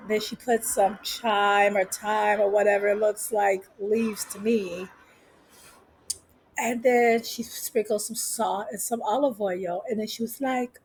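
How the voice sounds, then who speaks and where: Woman vlogger, unhurried and a little high, sassy gossip recap. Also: dark tone. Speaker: vlogger recapping a show episode. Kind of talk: casual chatty recap.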